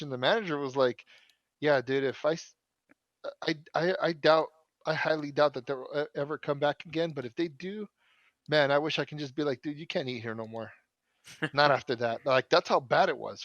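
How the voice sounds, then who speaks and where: A man's voice: on the high side, a little fast, fairly bright tone, no echo, highs cut off. A young man rambling through a profane story in casual podcast chat. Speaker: podcast co-host.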